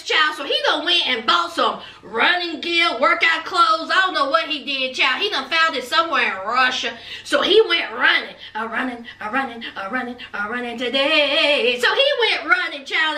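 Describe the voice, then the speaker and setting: A bright, high-pitched woman with a sassy, gossipy way of telling a story. She sounds off the mic, in a room with a lot of echo. Her delivery is animated. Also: distant mic. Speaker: reality show reviewer. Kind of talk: casual chat recap. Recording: roomy, off-mic.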